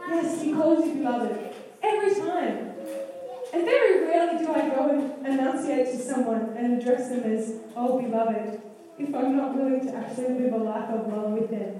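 A woman's voice: high voice, dark tone, a little hiss or hum. A woman preaching a sermon, asking the congregation questions and acting out lines of scripture. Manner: interactive, asks the congregation questions; acts out quoted lines of scripture. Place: church hall. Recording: echoey hall, mic far off.

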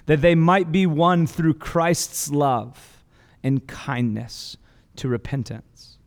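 A man with a fairly high voice preaches in an earnest, conversational way, dropping casual asides and restarting his phrases. His sermon rings with a long hall reverb, as if it were recorded in a church sanctuary. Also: slow. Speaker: pastor.

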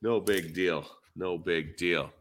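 A man's voice: sits low, steady tone, slow, background noise. A man with a Minnesotan accent, rambling easily in a casual podcast chat with lots of fillers. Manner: rambling, easygoing, many fillers. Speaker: podcast co-host, dent repair tech.

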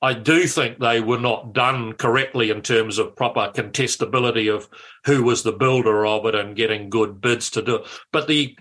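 An older man, a former politician telling anecdotes in a lively way, with frequent restarts. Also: medium pitch. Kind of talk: anecdotal storytelling.

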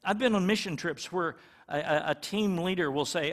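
Middle-aged guy preaching, kinda high voice, chatty, does little voices for the people in his stories. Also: animated, normal speed. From California. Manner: conversational, acts out little quoted exchanges. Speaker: pastor. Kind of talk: sermon.

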